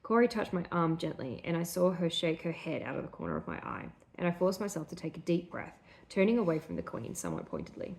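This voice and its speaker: A woman's voice: lowish voice, big pitch swings, fast talker, vocal fry, a little mellow. A woman co-hosting a podcast, reading her old story aloud and stopping to make fun of its sentences. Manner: reads her own prose aloud, breaking off to mock it. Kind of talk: reading aloud with casual commentary.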